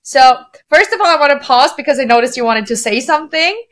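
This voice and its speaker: Bright-pitched woman hosting a chatty interview. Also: animated, fast talker. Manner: friendly, chatty questions with "kinda like" fillers. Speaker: podcast host. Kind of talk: casual interview.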